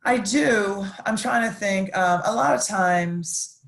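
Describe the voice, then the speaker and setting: A woman's voice: mid-range voice, slow, vocal fry. Gushing, chatty woman chef. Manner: animated, gushing, chatty with many restarts. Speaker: celebrity chef guest. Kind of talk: casual live-stream chat.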